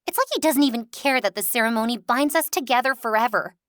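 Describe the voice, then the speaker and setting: A woman's voice: on the high side, fast talker, a bit bright, dry recording, studio quality, pitched above the performer's own voice, natural voice. A woman voicing a whiny, spoiled eighteen-year-old werewolf girl who pouts and wheedles in an audiobook. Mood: complaining. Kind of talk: audiobook dialogue.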